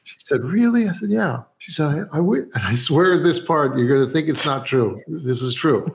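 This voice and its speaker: A man with a gravelly, creaky voice tells a relaxed behind-the-scenes story, acting out both sides of an old conversation. The sound is dull and lo-fi, like remote call audio. He laughs easily as he goes. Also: mid-range voice, normal speed. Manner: acts out both sides of remembered dialogue, laughs often. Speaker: TV director, guest.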